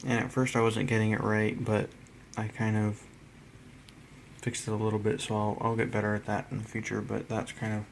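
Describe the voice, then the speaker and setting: A tired man narrating a casual hobby painting vlog, halting and rambling as he trails off mid-thought. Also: fairly low pitch, completely flat delivery, gravelly, slight background noise. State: tired, yawning.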